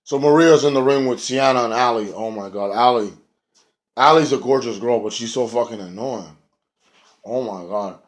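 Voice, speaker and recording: A man's voice: medium pitch, normal speed. A man reviewing a wrestling show in a casual, rambling rant, swearing freely and acting out what the wrestlers said. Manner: rambling and profane, acts out quotes.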